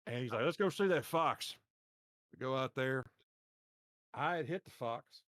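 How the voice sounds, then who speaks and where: A man's voice: mid-range voice, unhurried, no room sound, studio quality. Man telling a rowdy story. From Mississippi. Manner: profane, animated storyteller. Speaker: podcast co-host. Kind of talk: casual storytelling.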